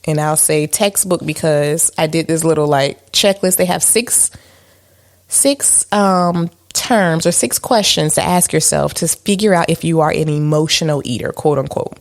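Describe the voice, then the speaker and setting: A woman's voice: sits low, unhurried. A woman co-hosting a podcast in a casual chat, candid and self-mocking, with many fillers. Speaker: podcast co-host.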